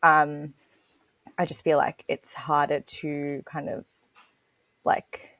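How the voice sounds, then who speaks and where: A young woman with an Australian accent, talking casually with many fillers and quick laughs. Her voice sits a little low. The sound is close and dry. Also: little pitch movement, fairly bright tone, dry recording. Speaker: podcast guest. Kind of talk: casual chat.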